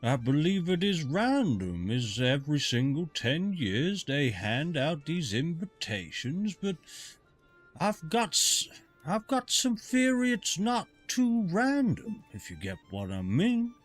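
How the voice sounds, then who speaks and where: A man's voice: fairly high pitch, big pitch swings, faint music behind, pitched above the performer's own voice, full character voice. A man voicing a jokey old bugbear barkeep. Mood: teasing. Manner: jokey, sing-song, drawn-out emphasis. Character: huge old male bugbear barkeep, teasing and chatty.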